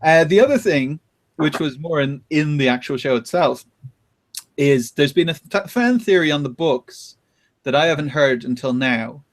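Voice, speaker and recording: A man hosting a podcast, chatting casually and retelling things with animated laughter. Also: a little high, moderate pace. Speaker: podcast host. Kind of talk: casual chat.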